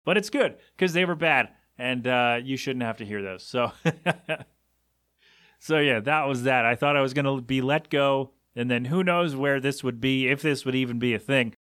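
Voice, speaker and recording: A man's voice: medium pitch, normal speed, a bit bright, no echo, clean studio sound. A man in his thirties hosting his own podcast, rambling through a story in a loose, self-deprecating way with lots of fillers. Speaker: podcast host and radio host. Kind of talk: casual solo podcast rambling.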